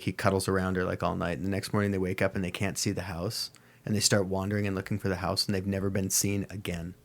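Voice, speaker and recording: A man in his thirties, hosting a podcast, tells stories in casual chat, swearing freely and laughing as he goes. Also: low voice. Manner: animated, profane, laughing storyteller. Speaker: podcast host.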